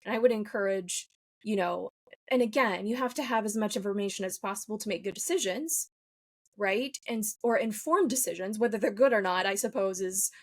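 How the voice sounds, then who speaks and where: A woman pharmacist walks listeners through her points in a steady, explanatory podcast manner. Her voice sits at an ordinary middle pitch. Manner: measured, explanatory. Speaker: clinical pharmacist guest. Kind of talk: podcast conversation.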